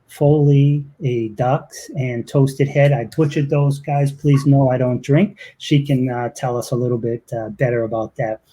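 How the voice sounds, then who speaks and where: A man with a Boston accent hosting a live online interview, chatting loosely with quick asides. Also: medium pitch, mellow, rough recording. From Boston, USA. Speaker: interview host.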